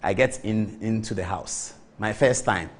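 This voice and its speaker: A man in his forties with a Ghanaian accent, telling an animated story on a TV talk show and mimicking the people he quotes. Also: lowish voice, measured pace. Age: 40s.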